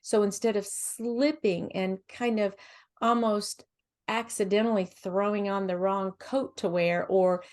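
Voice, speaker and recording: A woman guest on a faith podcast, talking in a gentle, encouraging way with frequent restarts. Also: mid-range voice, steady tone, unhurried. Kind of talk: faith-based podcast conversation.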